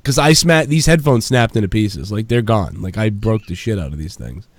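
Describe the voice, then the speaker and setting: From his home basement, a man hosts a podcast, spinning long, wandering stories packed with profanity and frequent laughter. His voice sits fairly low and sounds animated, moving at a normal pace with no echo in this casual chat.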